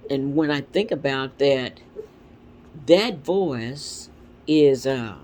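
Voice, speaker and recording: A woman's voice: a bass voice, drawn-out words. A woman with congested sinuses, talking at home in an earnest, rambling way about her spiritual life on her vlog. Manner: earnest, rambling, animated storytelling. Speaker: vlog host. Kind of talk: casual spiritual reflection. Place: at home with a dog nearby.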